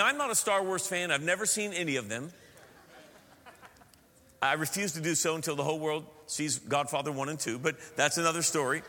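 Middle-aged man, pastor, sermon, animated and humorous, high bright voice, long church-hall reverb. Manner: animated storytelling with humor and questions to the congregation.

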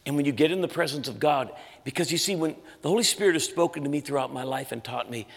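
A man's voice: on the high side, fast talker, creaky. A middle-aged male pastor preaching a sermon with intense conviction, pushing his voice hard at emotional peaks. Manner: intense, rising to shouts when telling a story. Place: church auditorium. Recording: live in a large reverberant hall with faint music.

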